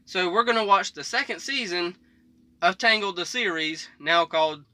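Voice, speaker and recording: A man with a high, very bright voice, rambling casually as he hosts a reaction video. He chuckles often and talks from the back of a parked semi truck cab. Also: moderate pace, no room sound.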